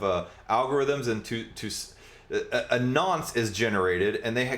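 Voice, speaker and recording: A man's voice: fairly low pitch, a bit bright, echoey room. A man hosting a casual livestream, explaining a technical topic in a rambling way with many fillers and side jokes. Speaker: podcast host.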